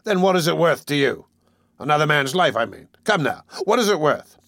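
A man's voice: fairly high pitch, big pitch swings, fairly quick, creaky, fairly bright tone, no echo, clean studio sound, voice pushed up, exaggerated voice. A man voicing a brutal, cynical male sea captain with a harsh, commanding, mocking manner. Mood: challenging.

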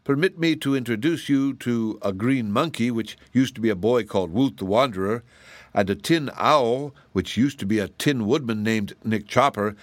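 A man's voice: mid-range voice, no echo, lightly acted. Domineering giantess witch, gloating, storybook, read by a man, dry close sound. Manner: domineering, pleased with her power.

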